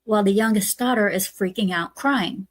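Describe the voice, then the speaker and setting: A woman's voice: medium pitch, normal speed. A woman hosting a casual movie review podcast, retelling scenes step by step with lots of "uh"s. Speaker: podcast host.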